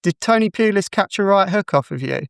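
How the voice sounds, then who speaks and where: Smooth, attentive male podcast host. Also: sits high, animated, brisk, dry recording, clean studio sound. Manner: attentive, encouraging, short backchannels. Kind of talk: interview questions.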